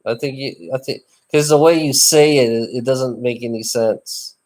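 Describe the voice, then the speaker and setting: A man's voice: medium pitch, normal speed, a little mellow. A man chatting casually in a rambling, teasing way, often restarting and repeating his phrases. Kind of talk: casual chat.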